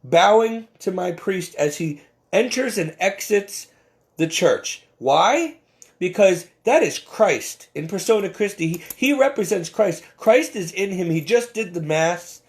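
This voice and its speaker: A man with a notably high voice and a rough, gravelly edge, delivering an impassioned religious monologue. He talks emphatically and preachily, often stumbling and repeating words as he pushes his point. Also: lively intonation, unhurried. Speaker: Catholic commentator.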